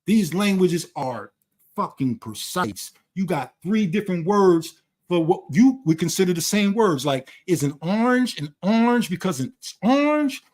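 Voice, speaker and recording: Man, fairly high voice, blunt, profane, lecturing, casual conversation. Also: animated, unhurried, a little mellow. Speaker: channel host.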